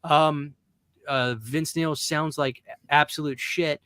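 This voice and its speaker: A man's voice: a little high, steady tone, slow, a bit bright, smooth. A man hosting a podcast in casual chat, ranting bluntly and emphatically with plenty of profanity. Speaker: podcast host.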